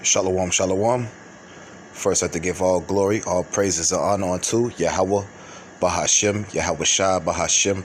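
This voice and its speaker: A man's voice: lowish voice, a little hiss or hum. A man hosting his own video, casually teaching from scripture with a conversational, emphatic manner and many fillers.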